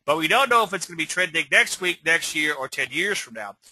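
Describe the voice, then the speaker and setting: A man's voice: a little high, expressive, fairly quick, sharp tone, breathy edge, dry recording. A man teaching swing trading on a live webinar, rambling and conversational, often checking in with "okay?". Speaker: trading educator.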